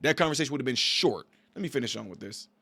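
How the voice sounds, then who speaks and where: A man's voice: medium pitch, expressive, fast, creaky, a bit bright, breathy edge. Emphatic preachy man in his forties. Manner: emphatic, preachy, repeats himself. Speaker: commentator reacting to a video clip. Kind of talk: opinionated reaction commentary.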